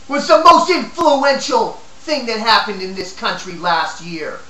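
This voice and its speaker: A woman giving an impassioned political rant, indignant and repetitive, her voice shaking with anger as it builds to shouting. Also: a little high, animated, normal speed, hardly any pauses, reverberant, rough recording. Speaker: political commentator.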